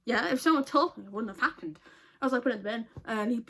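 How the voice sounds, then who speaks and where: A woman's voice: fairly high pitch, expressive, fast talker, fairly bright tone, husky. A young woman, telling a story casually in a profane, exasperated way. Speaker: vlogger.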